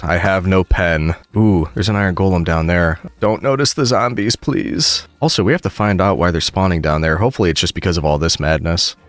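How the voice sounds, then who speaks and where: Deep-voiced man doing chatty gameplay commentary. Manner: chatty and excitable, talks to the game's mobs. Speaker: gaming video creator.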